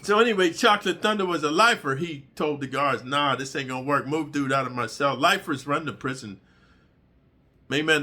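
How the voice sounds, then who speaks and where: A middle-aged man telling prison stories in an animated, profane street-storytelling monologue. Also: a little high.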